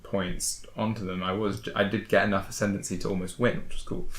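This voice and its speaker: A man's voice: low-pitched, flat delivery, a little fast. A man hosting a casual review chat, hesitant and rambling, with many fillers and restarts. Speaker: board game channel host. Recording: echoey room.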